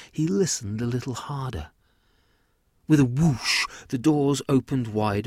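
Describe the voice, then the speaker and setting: A man telling his own children's sci-fi story in a lively, gentle way. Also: medium pitch, no room sound, studio quality.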